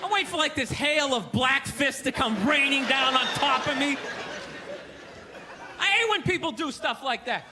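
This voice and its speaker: A man doing a stand-up routine on a comedy stage, ranting and incredulous, bursting into shouts. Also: very high voice, animated, moderate pace, crowd noise. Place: comedy stage before a live audience.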